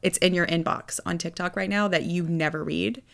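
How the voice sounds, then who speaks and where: An American woman co-hosting a podcast in casual chat, teasing her co-host with quick banter. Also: fairly low pitch, fairly even intonation, vocal fry, a bit bright. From United States.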